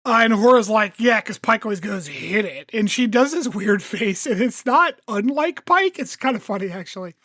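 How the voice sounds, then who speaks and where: Chatty higher-voiced woman recapping. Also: expressive, moderate pace, few pauses, fairly bright tone, dry recording, studio quality. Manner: chatty recap with lots of um and like, acts out characters' lines. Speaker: podcast co-host summarizing the episode. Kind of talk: casual chat.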